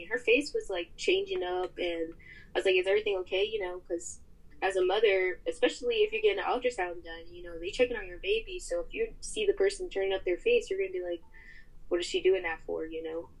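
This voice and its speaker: A woman's voice: fairly low pitch, fairly quick, breathy edge. A woman guest on a podcast, casually retelling a personal story over a phone call, rambling with lots of fillers.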